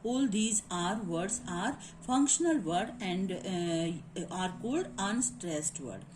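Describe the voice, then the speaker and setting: A woman's voice: medium pitch, lively intonation, takes it slowly, background noise. A woman teacher with an Indian English accent, explaining grammar in a lecture and checking that students follow. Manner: explanatory, repeats points and asks "is it clear?". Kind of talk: classroom lecture.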